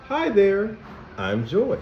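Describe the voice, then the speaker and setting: A man's voice: sits high, huge pitch swings, takes it slowly, a little hiss or hum, voice pushed up, heavily acted. A man doing Joy, a bubbly cheerful girl character. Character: cheerful upbeat female Joy emotion character. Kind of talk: picture book read aloud to young children. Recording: dull, echoey room recording.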